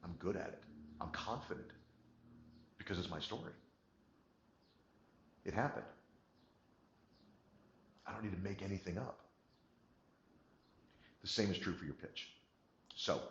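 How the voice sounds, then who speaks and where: A man giving a motivational coaching talk, emphatic and repeating key words, moving from quiet to energized. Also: sits low, echoey room, dull audio, slight background noise. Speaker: business coach.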